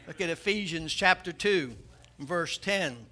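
A man's voice: sits high, normal speed, sharp tone. A man preaching a sermon emphatically, building his volume and telling jokes.

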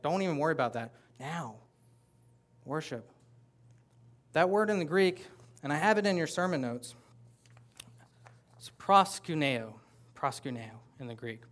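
A man preaching a sermon as pastor, talking conversationally with playful asides to the congregation. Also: on the high side. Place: church sanctuary with a congregation.

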